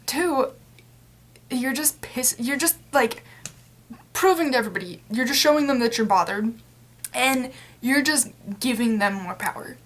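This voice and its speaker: A young adult woman vlogs straight to camera in a casual, rambling rant, exasperated and full of fillers. Her voice is a little high, her pace measured, with long pauses.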